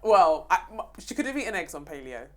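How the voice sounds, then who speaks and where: A woman's voice: lowish voice, very animated, fast, a little mellow. A woman co-hosting a podcast, chatting casually and laughing often. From Jamaican household in the UK. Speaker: podcast co-host. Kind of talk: casual chat.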